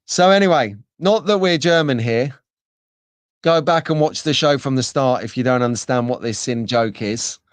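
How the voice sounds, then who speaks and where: A man's voice: mid-range voice, moderate pace, no echo. A man hosting a live stream, chatting in a rambling, jokey way while reading out viewer comments. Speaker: host.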